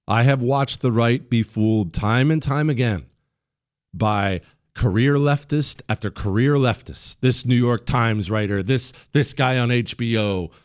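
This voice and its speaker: On his political talk radio show, a man with a mid-range, smooth voice delivers a blunt, combative monologue at a measured pace, mocking people in put-on voices. When he speaks of the fallen, he grows quiet and subdued. The studio sound is clean, with no room echo.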